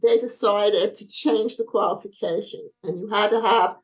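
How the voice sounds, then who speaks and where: In a relaxed interview, a middle-aged woman who owns a brace company recounts stories with animation, performing each person's quoted words. Her pitch is medium, her pace moderate, and the recording rough.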